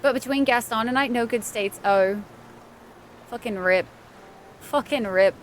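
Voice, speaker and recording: Chatty high-voiced woman streamer. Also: a little hiss or hum. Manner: chatty, thanks viewers by name, quick laughs. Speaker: live streamer. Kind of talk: casual chat while gaming. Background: faint game music.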